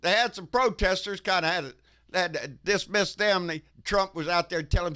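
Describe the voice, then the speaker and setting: Man, high-pitched, forceful bright voice, profane folksy ranting host. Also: moderate pace. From Texas. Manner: profane, folksy, keeps tagging "baby". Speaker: political commentary host. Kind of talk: casual ranting commentary.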